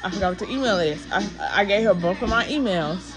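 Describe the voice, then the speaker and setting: A woman's voice: medium pitch, animated, quick pace, over music. A woman vlogging a frustrated, rambling rant while drowsy from pain pills. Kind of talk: casual ranting to camera.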